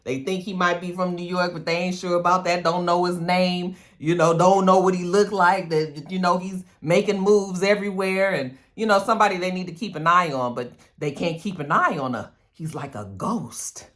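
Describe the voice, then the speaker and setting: A woman's voice: lowish voice, steady tone, moderate pace, few pauses, a bit bright. A woman in a casual recap vlog, chatty and blunt, swearing freely and acting out characters' lines. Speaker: TV recap vlogger.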